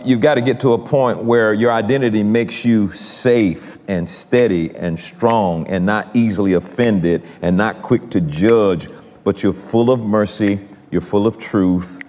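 Conversational preacher in a big hall. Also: male voice, lowish voice, darkish tone. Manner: conversational, repetitive, addresses congregation directly. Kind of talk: sermon. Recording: long hall reverb.

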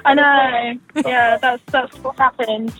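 Woman, radio guest, high voice, cheerful, earnest, faint music behind. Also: fairly even intonation, slow pace, bright, forceful tone, low-quality recording. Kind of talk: casual radio chat.

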